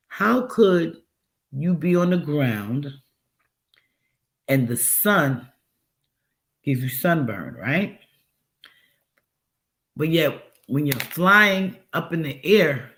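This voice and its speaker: Man, raised-pitch voice, loose rambling livestream host who keeps asking the audience rhetorical questions. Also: fairly bright tone. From United States. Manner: rambling, musing, asks many rhetorical questions. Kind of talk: casual livestream chat.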